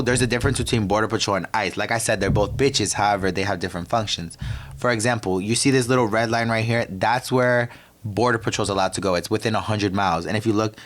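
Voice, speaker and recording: A young man from the DC area hosting a podcast, telling a story in a sassy, profane, tangent-prone rant. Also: lowish voice. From DMV area, US. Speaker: podcast host.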